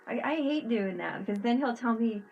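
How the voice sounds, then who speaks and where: A woman chatting casually on a livestream, telling animated stories, laughing often and swearing freely. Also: on the high side, fairly quick, dull audio, soft background music. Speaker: livestream co-host. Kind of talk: casual chat.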